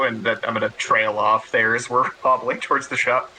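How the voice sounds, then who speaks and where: A man's voice: medium pitch, little pitch movement, normal speed, hardly any pauses, pushed and bright, rough recording. A man playing a tabletop game, speaking plainly and easily. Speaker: player. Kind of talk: casual tabletop play.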